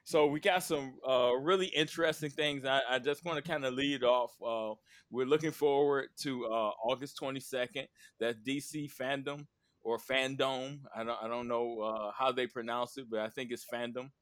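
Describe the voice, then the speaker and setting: A man hosting a podcast, talking in an animated, rambling way in casual chat. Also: mid-range voice, moderate pace, few pauses, dry recording, clean studio sound. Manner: animated, rambling, lots of fillers and laughs. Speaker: podcast host.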